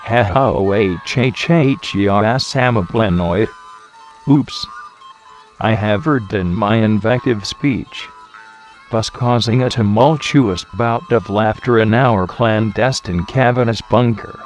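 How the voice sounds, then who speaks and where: A man's voice: on the low side, slow pace, faint music behind. A man voicing a bumbling, giggly male terrorist leader parody in a silly put-on voice. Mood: pompous. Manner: silly put-on voice, keeps breaking into laughter.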